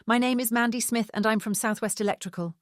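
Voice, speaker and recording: A woman voicing a cheerful young woman who poses as a saleswoman, in a strong Essex accent and with bright sales patter. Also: a little high, steady tone, fast, no echo, clean studio sound, voice pushed up, lightly acted. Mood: chirpy, salesy.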